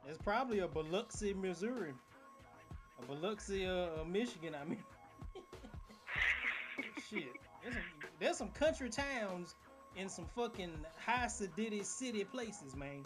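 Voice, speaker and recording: A laid-back man co-hosts a podcast in a fairly high voice, laughing along and riffing on jokes. Faint music sits under the talk. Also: animated, a little slow. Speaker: podcast co-host. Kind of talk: casual chat.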